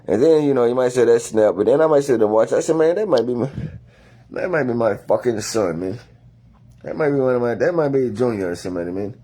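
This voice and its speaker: A vlogger who has had a few drinks talks to the camera in a loose, rambling monologue packed with slang and swearing. His medium-pitched voice is dark-toned and expressive, and he speaks a little fast.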